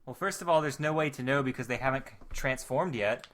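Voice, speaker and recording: A man's voice: medium pitch, a little fast, a bit bright. A man hosting a casual podcast chat, joking and rambling with chuckling asides. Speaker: podcast host. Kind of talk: casual chat reviewing a coloring book.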